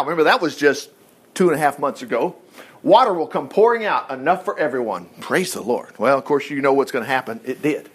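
A man giving an informal Bible lesson, reading verses aloud and commenting on them in a folksy, animated way. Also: high voice. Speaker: Bible teacher.

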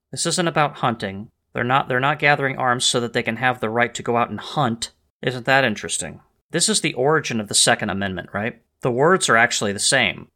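A man with a mid-range, bright, forceful voice hosts a history and politics show. He delivers an emphatic, lecturing monologue on the Second Amendment, reading quotations aloud with added stress.

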